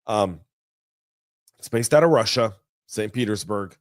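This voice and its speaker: A man hosting a news podcast, talking through the stories in a chatty, energetic way with folksy asides. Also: fairly low pitch, a little slow, no room sound, studio quality. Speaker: podcast host. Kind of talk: casual news commentary. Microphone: studio mic.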